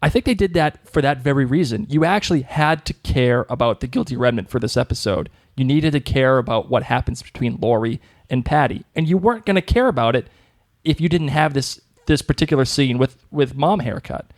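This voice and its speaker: A man's voice: mid-range voice, animated, brisk, dry recording, clean studio sound. A man co-hosting a TV podcast, upbeat and teasing in casual chat. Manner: teasing, upbeat, laughs a lot. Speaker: podcast co-host.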